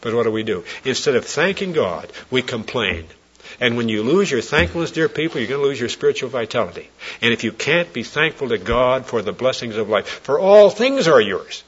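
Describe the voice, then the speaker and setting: A man preaching a sermon, telling a story earnestly and often dropping his voice soft and low. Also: expressive, fairly quick, slightly rough. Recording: dull lo-fi old recording.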